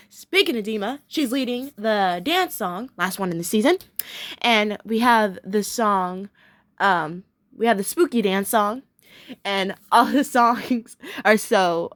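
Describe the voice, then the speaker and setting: A woman's voice: mid-range voice, measured pace, a bit bright, dry recording, studio quality. A young woman casually recapping a cartoon episode, rambling with many fillers, giggling and gushing in bursts.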